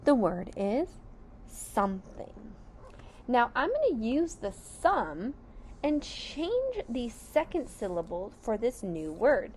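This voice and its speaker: A woman teacher walks young children through sight words and compound words, stretching each sound out very slowly and clearly. Her pitch sits a little high and swings widely as she praises and encourages. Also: big pitch swings, darkish tone, slight background noise. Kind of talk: sight word and phonics lesson for young children.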